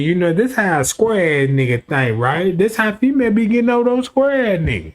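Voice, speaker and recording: A man livestreaming, telling a profane, rambling story to his chat, dropping to low mutters and then shouting. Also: expressive, moderate pace. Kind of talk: casual storytelling to a live chat.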